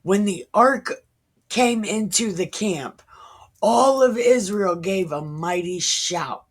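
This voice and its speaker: Slow and animated, with a breathy edge to her medium-pitched voice, a woman in her thirties reads Bible passages aloud. She muses over them casually and irreverently, occasionally slipping into a whisper.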